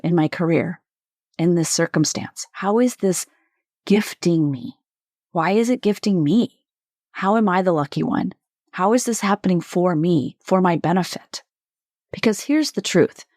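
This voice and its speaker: Low-voiced woman coaching podcast host. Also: no echo, clean studio sound. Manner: reflective, emphatic, repeats questions with shifting stress. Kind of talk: solo coaching podcast monologue.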